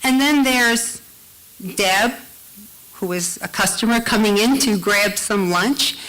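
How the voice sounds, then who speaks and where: A woman's voice: mid-range voice, fairly bright tone, poor audio. Heartfelt woman telling a personal story. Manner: heartfelt, slows for emphasis. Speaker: storyteller at a live event. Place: live storytelling event.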